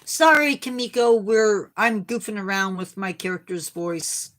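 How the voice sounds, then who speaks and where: A woman's voice: medium pitch, expressive, measured pace, fairly bright tone. A woman streamer with a slightly sore voice, chatting casually and self-deprecatingly with viewers. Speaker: game streamer.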